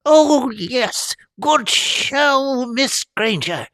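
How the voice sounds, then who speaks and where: A man voicing an excitable old male wand professor who cries out in high, squeaky exclamations. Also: extremely slow, full character voice. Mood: gleeful.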